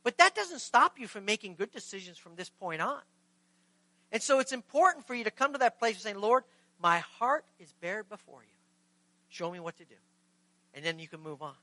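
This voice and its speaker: Bright-voiced preacher asking rhetorical questions. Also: mid-range voice, no room sound, poor audio. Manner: conversational, rhetorical questions to the congregation; acts out scripture dialogue in lively voices. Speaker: pastor. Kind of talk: sermon.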